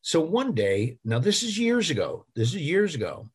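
A man's voice: on the high side, huge pitch swings, normal speed, husky. A middle-aged man, an actor and voice actor, telling rambling, self-deprecating stories in a casual interview.

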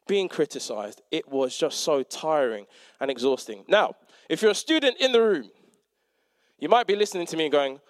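A man's voice: a little high, normal speed, no echo, studio quality. A young man giving a conversational sermon, telling a story with self-mocking humour and acting out the people in it. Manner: animated, self-mocking, acts out quotes. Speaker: preacher and teacher.

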